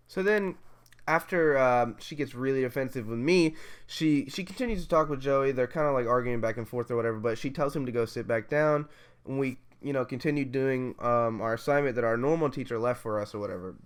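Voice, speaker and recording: A man's voice: on the high side, normal speed. A man vlogging, telling a story in a casual, profane, ranting way with lots of restarts.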